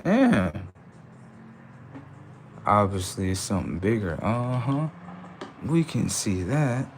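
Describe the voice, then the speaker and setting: A man hosting a livestream, ranting in a preachy, confrontational way and talking back to his chat, swinging from loud outbursts to low mutters. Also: big pitch swings, slow, a little hiss or hum. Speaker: livestream host. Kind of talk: casual livestream rant.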